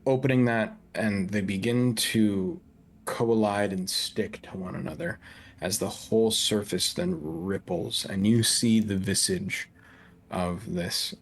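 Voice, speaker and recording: A man narrating as game master of a tabletop game, in an easy, descriptive way. His voice sits low and has a gravelly fry. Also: expressive, takes it slowly.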